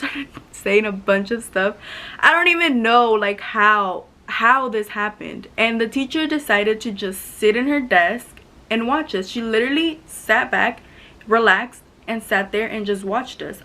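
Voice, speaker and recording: A teenage girl vlogging a storytime in an animated, casual way. Her voice sits a little high, and she keeps acting out what everyone said, with plenty of "like" between the lines. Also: normal speed. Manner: animated retelling, acts out quotes, many "like" fillers.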